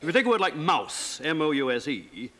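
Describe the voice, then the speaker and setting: A man's voice: a little high, big pitch swings, brisk, bright, forceful tone. A middle-aged man, a talk show guest, explaining old pronunciations in a professorial way. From England. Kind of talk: lively explanatory chat.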